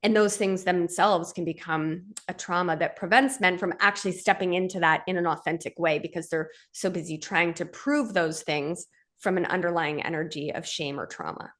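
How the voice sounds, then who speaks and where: A woman's voice: lowish voice, a bit bright. Earnest woman podcast host, direct. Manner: earnest, direct, checks in with the listener ("right?"). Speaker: podcast host and men's coach. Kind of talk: conversational podcast teaching.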